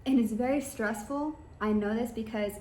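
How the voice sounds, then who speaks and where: Pitched fairly high with a darkish tone and a moderate pace, a woman business coach rambles emphatically as she gives advice straight to her listeners. The recording has an echoey room sound and faint ambient noise.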